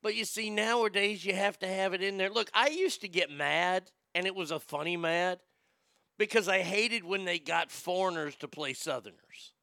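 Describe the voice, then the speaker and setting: A man's voice: high-pitched, normal speed, creaky, bright, forceful tone, no echo, clean studio sound. A man ranting casually about movies, profane and rambling, reading out viewer comments as he goes.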